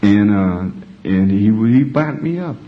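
A man's voice: fairly low pitch, lively intonation, slow pace. A man telling his recovery story to a group, salty and profane, laughing often as he talks. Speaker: speaker sharing at a recovery meeting. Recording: dull lo-fi recording, faint noise.

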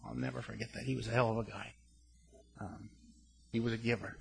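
Older man, gravelly, blunt and earnest, rambling testimony at a recovery meeting, mid pitch. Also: level tone, fairly quick, faint music behind. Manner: rambling storyteller with many restarts and fillers; frank and earnest, with blunt curses. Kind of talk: personal testimony to a group.

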